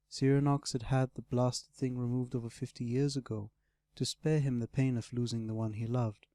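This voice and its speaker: A man narrating a fantasy audiobook in a steady, measured storytelling manner. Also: medium pitch, no echo, clean studio sound.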